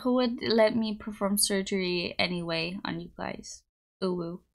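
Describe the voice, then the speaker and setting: Young woman streamer, chatty and giggly, mid-pitched, casual rambling talk into a desk mic. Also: normal speed, gravelly. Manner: bubbly, rambling, giggly, reads chat aloud. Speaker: livestreamer. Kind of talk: casual chat with live chat. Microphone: desktop USB mic.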